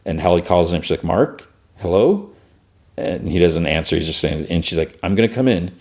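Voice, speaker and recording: A man's voice: sits low, animated, fairly quick, a little mellow. A man hosting a podcast, breezily retelling TV scenes with lots of "like" and the odd chuckle. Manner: says fudge for swear words. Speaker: podcast host. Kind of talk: casual TV episode recap.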